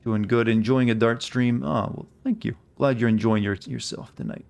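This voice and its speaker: A man's voice: medium pitch, normal speed, vocal fry, a little mellow, clean tone. An American man streaming a video game, chatting with viewers in a wry, offhand way. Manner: wry, chatty, talks to chat. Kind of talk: casual live game commentary.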